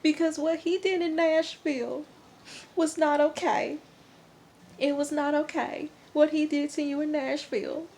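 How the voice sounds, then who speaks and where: A woman voicing a worried middle-aged mother with a Southern country twang, speaking high and earnestly. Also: sing-song, moderate pace, darkish tone, a little hiss or hum. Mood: tearful pleading.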